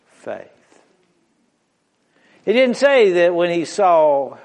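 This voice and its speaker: A man preaching a sermon, slow and drawn out, dropping to hushed low phrases and rising to shouted climaxes. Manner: slow, drawn-out delivery with dramatic pauses.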